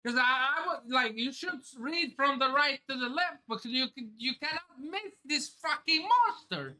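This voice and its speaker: A man reading a manga chapter aloud on a live stream, reacting with excited outbursts and casual swearing. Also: very high voice, moderate pace.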